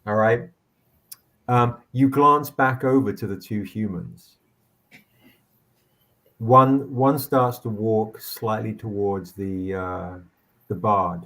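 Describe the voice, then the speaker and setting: A man's voice: fairly low pitch, bright, forceful tone. A man narrating as game master in a tabletop game, rambling with frequent restarts. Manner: rambling, halting, many restarts.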